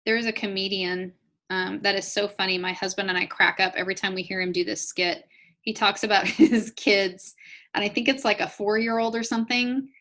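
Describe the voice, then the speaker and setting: A woman's voice: medium pitch, fairly even intonation, brisk, fairly bright tone. A woman leading a live online business training, chatty, upbeat and encouraging, talking straight to her audience. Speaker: network marketing trainer.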